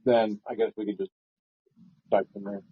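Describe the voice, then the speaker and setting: A man co-hosting a casual book chat podcast, joking and rambling with big swings in pitch. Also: little pitch movement, moderate pace, slightly rough, dry recording. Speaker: podcast co-host. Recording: dull lo-fi home podcast audio.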